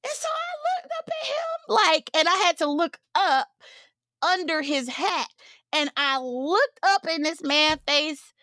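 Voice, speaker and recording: A woman co-hosting a podcast, telling a story in casual chat, animated and laughing as she acts out what people said. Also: extremely high pitch, unhurried, no room sound, studio quality. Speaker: podcast co-host.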